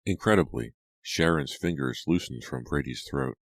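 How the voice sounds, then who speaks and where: A man reads horror narration in a steady, dramatic way. His voice sits extremely low. The recording is dry and close, with no room sound. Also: moderate pace, no echo. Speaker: audiobook narrator.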